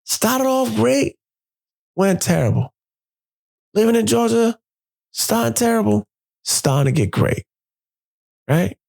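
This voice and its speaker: A man hosting a podcast, telling a personal story in an animated, profane way and acting out what people said. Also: mid-range voice, creaky. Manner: animated, profane, acts out quotes. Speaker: podcast host.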